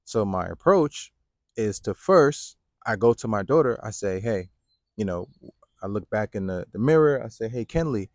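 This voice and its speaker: A fatherhood coach in his thirties chats casually to camera with advice on being a dad, his voice on the low side and animated at a moderate pace. He leans heavily on fillers like "like" and "right?". The recording is dry with clean studio sound.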